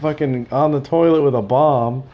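A man's voice: medium pitch, normal speed, dull audio. A man co-hosting a casual podcast, rambling and swearing, breaking into mocking impressions. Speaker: podcast co-host. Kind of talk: casual chat.

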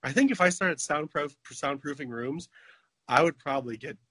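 A man's voice: on the high side, moderate pace, fairly bright tone, husky, no echo. Thirties male co-host, jokey, drifts into silly voices, dry sound. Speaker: podcast co-host. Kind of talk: casual chat.

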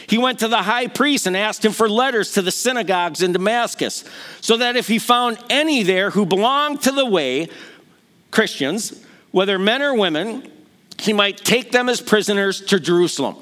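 A man's voice: high voice, lively intonation, normal speed, fairly bright tone. A middle-aged man preaching a sermon, telling the stories with animation and acting out the voices he quotes. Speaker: pastor.

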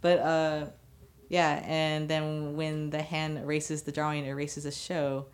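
A woman's voice: low-pitched, level tone, a little slow. A woman co-hosting a podcast, chatting casually about a TV episode with lots of fillers and restarts. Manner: rambling, many fillers and restarts. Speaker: podcast co-host. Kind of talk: casual chat.

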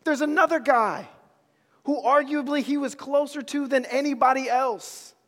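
A man's voice: very high-pitched, normal speed, a bit bright, big-room sound. A man preaching a sermon, with emphatic repetition and casual slang.

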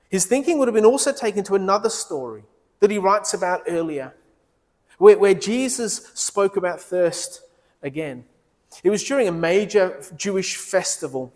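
Man preaching in a reverberant church hall. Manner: earnest, drops low and soft when quoting Jesus. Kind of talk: sermon. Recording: long reverb of a large hall.

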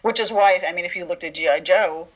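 A man's voice: sits high, fast, fairly bright tone. Chatty storyteller man on a dull line. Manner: chatty storyteller, acts out quoted voices. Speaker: writer of an animated series, interview guest. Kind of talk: relaxed interview talk. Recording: dull lo-fi sound.

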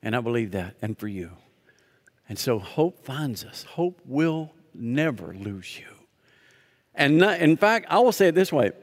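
A man preaching a sermon as pastor, emphatic, full of rhetorical questions and dramatic slowdowns. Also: mid-range voice, sing-song. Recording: reverberant hall.

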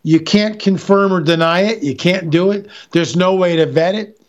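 A man's voice: high-pitched, moderate pace, highs cut off. A man talking as an interview guest, telling stories emphatically with frequent restarts. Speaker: interview guest, filmmaker and author. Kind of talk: animated radio interview talk.

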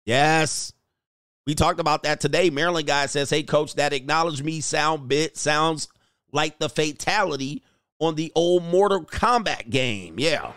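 A man's voice: on the high side, measured pace, fairly bright tone, clean tone, no echo, clean studio sound. A man hosting a live stream, reading viewer comments aloud and giving blunt, crude, mocking commentary.

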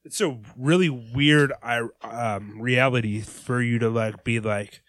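A man's voice: medium pitch, unhurried, fairly bright tone, no echo, clean studio sound. A man co-hosting a podcast in casual chat, joking and loose. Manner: joking, loose, full of fillers. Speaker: podcast co-host.

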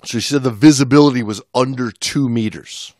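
A man's voice: mid-range voice, a little fast, darkish tone, no room sound, studio quality. Rambling male dive instructor chatting. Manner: rambling, restarts often. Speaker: podcast co-host, dive instructor. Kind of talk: casual chat.

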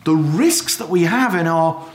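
A man preaching a sermon, earnest and conversational, acting out anguished prayers loudly. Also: a little high, animated, measured pace. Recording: echoey hall.

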